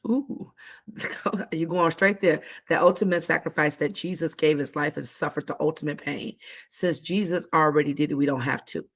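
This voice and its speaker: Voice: mid-range voice, fairly bright tone. A livestream host giving heartfelt advice in a casual, emphatic way, talking straight to viewers with colloquial slang. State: voice cracking.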